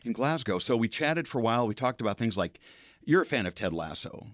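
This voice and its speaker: A man's voice: medium pitch, very animated, fairly quick, a bit bright, dry recording, clean studio sound. An older man hosting a radio segment, telling a casual, chatty story with curious asides and frequent laughs. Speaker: radio feature host.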